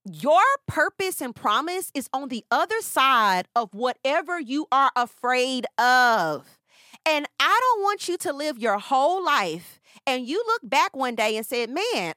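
A woman's voice: sits high, pushed and bright, no room sound, clean studio sound. A woman hosting a podcast, giving a faith-based motivational talk straight to her listeners in a preacherly way, repeating phrases for emphasis. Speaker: podcast host.

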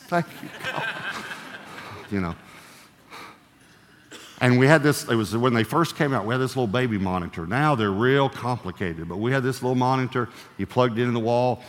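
A man's voice: mid-range voice, a bit bright, big-room sound, slight background noise. An older man, a pastor, preaching a sermon in a conversational, storytelling way with playful humor.

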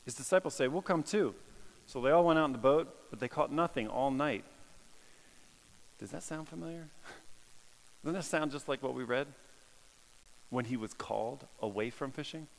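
A man preaching a casual, animated sermon, acting out quotes and laughing at his own jokes. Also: mid-range voice, normal speed, creaky, long pauses, a little hiss or hum. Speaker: pastor. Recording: long hall reverb.

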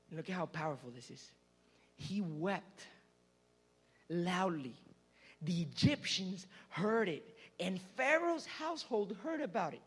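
A man's voice: high-pitched, breathy edge. A man preaching as a youth pastor, retelling a story dramatically with lots of repetition. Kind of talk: sermon.

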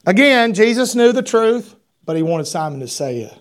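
A man whose voice sits high preaches a sermon at normal speed, quoting scripture in King James wording. His preaching is animated and builds to fervent shouts.

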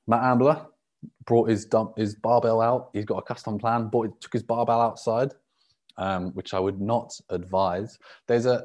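Laid-back young male coach from the UK, low-pitched, chatting loosely over a laptop mic with plenty of swearing. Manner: relaxed, sweary, rambling with fillers. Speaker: podcast host and rugby fitness coach. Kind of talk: casual solo podcast. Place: indoors at a laptop on a live video call.

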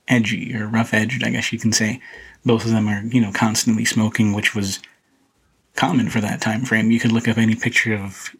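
Male podcast host, low and husky, flat delivery, casual rambling film talk. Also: rough recording. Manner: relaxed, rambling, frequent fillers and restarts. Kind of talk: casual solo film commentary.

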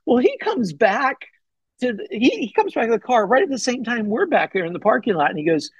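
A man telling a hunting story as a podcast guest, excited and rambling, with many fillers and restarts. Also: brisk, husky, dry recording, muffled recording. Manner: acts out his own past words with big pitch jumps. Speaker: podcast guest, bowhunter and pastor. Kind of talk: casual storytelling in an interview.

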